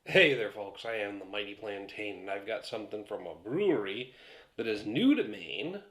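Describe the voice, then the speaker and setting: A man's voice: lowish voice, lively intonation, normal speed, a bit bright. A man rambling casually through a beer review vlog, a few beers in and swearing now and then.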